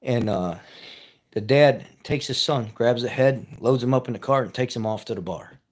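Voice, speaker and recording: A man's voice: medium pitch, normal speed. A man telling a personal story in a casual, rambling way, repeating himself and chuckling as he goes. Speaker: vlogger.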